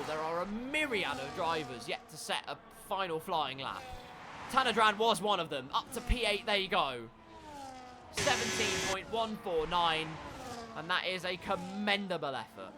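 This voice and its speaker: Man, sim race caller, high voice, excitable and jokey, noisy mix with engine sound under him. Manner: excitable, jokey, breaks into shouts. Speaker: sim racing commentator. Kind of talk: live esports race commentary.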